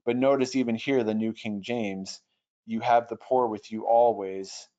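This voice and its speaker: A man's voice: on the low side, steady tone, dark tone. Thoughtful man teaching over muffled webinar audio. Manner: thoughtful, hesitant, with frequent restarts and fillers; slowly sounds out Greek phrases. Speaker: Bible software trainer. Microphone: computer mic over internet.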